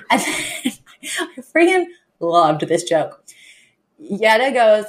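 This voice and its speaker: A woman's voice: mid-range voice, measured pace. A woman co-hosting a podcast, chatting casually and animatedly about a TV episode, often acting out lines. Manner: animated, laughing, acts out quotes. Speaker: podcast co-host. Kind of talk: casual chat recapping a TV episode.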